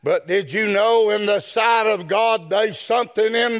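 A man preaching a sermon, swinging from shouted chanted phrases down to low spoken asides. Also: measured pace, hardly any pauses.

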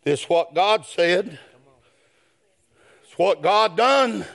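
Man, high ringing voice, gravelly, very slow drawn-out delivery, hollered sermon. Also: expressive. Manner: rises to shouted chant, drops to low asides. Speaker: preacher.

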